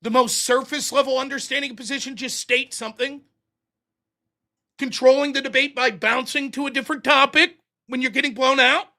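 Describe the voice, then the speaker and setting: A man's voice: very high voice, steady tone, a little fast, pushed and bright. A man hosting a livestream, ranting casually and profanely about a debate, laughing often. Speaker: livestream host.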